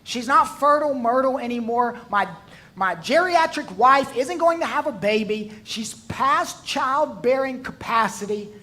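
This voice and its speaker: A male preacher voicing a doubting old priest who protests loudly and demands proof. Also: very high-pitched, expressive, a little slow, pitched above the performer's own voice, full character voice. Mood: incredulous.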